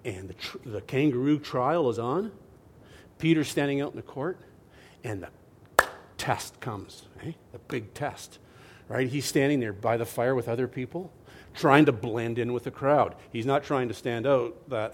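A man preaching a sermon as a lively storyteller, swinging from loud to hushed and often asking his listeners "right?". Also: medium pitch, moderate pace. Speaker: pastor.

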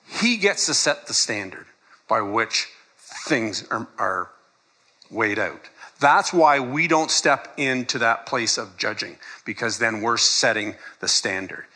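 A man's voice: lowish voice, animated, takes it slowly, pushed and bright. A man preaching a sermon in a conversational way, laughing often and acting out quoted lines. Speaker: pastor.

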